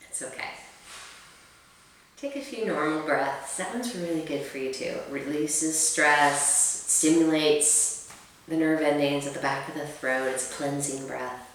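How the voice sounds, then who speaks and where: A low-voiced woman leads a yoga breathing class, calm and coaching, poking a little fun at herself. She sounds set back from the microphone in a very echoey room. A faint noise sits underneath. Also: measured pace, far from the mic. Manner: calm, gently self-deprecating, coaching. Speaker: yoga teacher. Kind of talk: guided breathing instruction.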